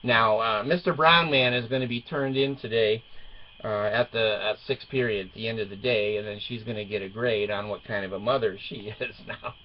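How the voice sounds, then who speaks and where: A man's voice: on the low side, fairly even intonation, moderate pace, slight background noise. A middle-aged father telling a family story as a casual monologue, wry and joking, chuckling as he goes. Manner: wry and joking, chuckles through his stories. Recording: dull lo-fi recording.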